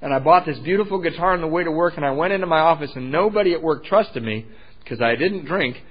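A man tells his own recovery story with lively, self-mocking humor, often breaking into laughter at himself. His voice sits fairly high. The recording is muffled and lo-fi. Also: fast. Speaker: speaker sharing his recovery story at a meeting. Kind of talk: personal storytelling talk.

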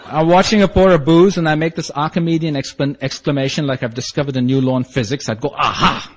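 At a support meeting, a man tells his own story with wry self-mockery, acting out the lines of the people in it. His voice is fairly high and steady, he talks fast, and there's a little hiss or hum.

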